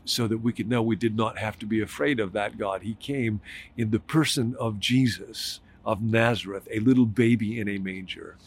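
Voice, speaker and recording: A man preaching a sermon as a pastor, telling stories in a reflective way and slowing to stress key words. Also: on the low side, steady tone, slightly rough.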